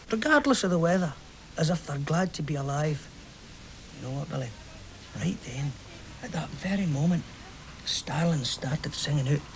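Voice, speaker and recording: A man's voice: a little high, vocal fry, a little hiss or hum. A man playing a chatty Glasgow football fan. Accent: Glaswegian Scottish. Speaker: football fan telling a story. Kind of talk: stage play acting.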